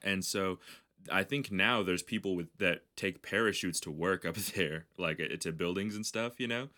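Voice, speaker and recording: Low-ish guy rambling through a crude story on a podcast, swears a lot. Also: normal speed, sharp tone. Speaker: podcast host. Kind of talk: casual chat.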